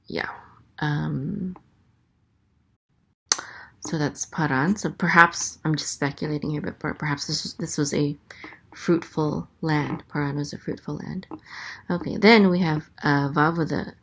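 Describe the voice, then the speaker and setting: A woman teaching a language lesson, sounding out letters and vowels slowly and carefully, with frequent hesitations. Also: sits low, breathy edge. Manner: hesitant, many ums, slow careful sounding-out. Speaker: Hebrew teacher. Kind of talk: casual teaching, spelling out letters.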